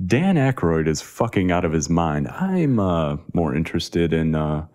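A young man with a very deep voice co-hosts a casual podcast. He jokes, laughs easily and swears freely. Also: big pitch swings, slow, darkish tone. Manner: joking, laughing often, profane. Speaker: podcast co-host. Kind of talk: casual chat.

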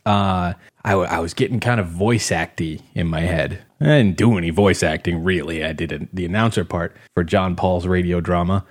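A man's voice: low voice, normal speed, hardly any pauses. A man hosting a casual chat, rambling and self-deprecating with lots of fillers. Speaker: podcast host.

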